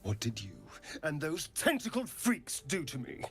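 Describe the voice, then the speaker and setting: An actor voicing a haughty, sneering male elf companion in a video game, speaking in an arch, mocking, theatrical way with a husky voice. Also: fairly high pitch, wildly swooping pitch, unhurried, soft background music, full character voice. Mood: accusing.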